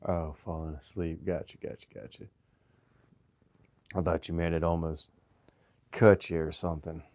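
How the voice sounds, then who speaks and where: Deep-voiced Virginian man chatting on a livestream. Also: no room sound. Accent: Virginian Southern. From Virginia, USA. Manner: relaxed, halting, frequent restarts and throat clearing. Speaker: livestream host. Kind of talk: casual livestream chat.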